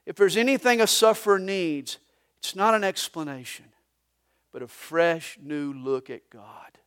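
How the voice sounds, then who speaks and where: A man with a Southern US accent preaching a live sermon as pastor. He talks in an animated way, rising loud for God's lines and dropping to a hush. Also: on the high side, a little slow, clear, resonant tone. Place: church service.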